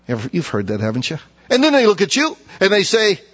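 A middle-aged man preaching a sermon with humor, acting out conversations with himself in an animated way. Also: high-pitched, fast, lo-fi sound. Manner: animated, humorous, acts out inner dialogue. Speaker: pastor.

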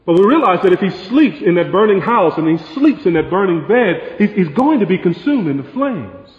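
A man preaching a sermon emphatically, building to forceful peaks and dropping to soft asides. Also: high voice, very animated, fairly quick. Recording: dull, roomy hall sound.

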